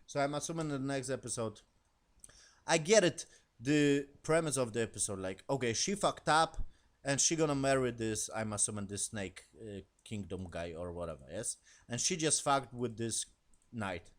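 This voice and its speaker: A man giving a casual spoken review of a TV episode in non-native English, rambling and profane, animated as he retells scenes. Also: medium pitch, moderate pace.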